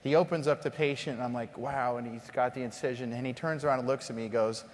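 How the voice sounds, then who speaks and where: Animated man telling stories onstage. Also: medium pitch, fast talker. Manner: animated storyteller, acts out dialogue. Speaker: company founder, guest. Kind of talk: onstage interview. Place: conference stage before an audience. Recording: long hall reverb from stage.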